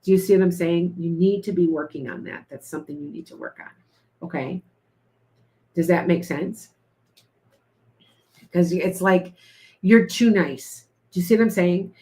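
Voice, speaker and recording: A woman's voice: on the low side, moderate pace, pauses often, mellow. A woman giving live tarot readings to viewers, talking in a chatty, repetitive, coaching way. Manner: chatty, repeats herself, coaching tone. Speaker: tarot reader.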